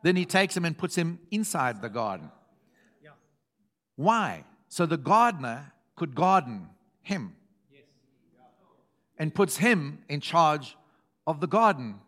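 Man, pastor, animated sermon, reads scripture aloud, jokes with the church, fairly high voice. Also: slow pace, pauses often.

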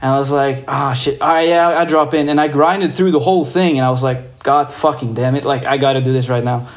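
Talking quickly in a mid-range voice, a young guest skateboarder from Norway excitedly recounts a story, cursing freely and filling gaps with lots of fillers.

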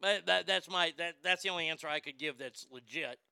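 A man's voice: a little high, fairly quick, creaky, bright, forceful tone, clear, resonant tone, dry recording. A man hosting a sports show, delivering a profane, ranting monologue and stammering over repeated words.

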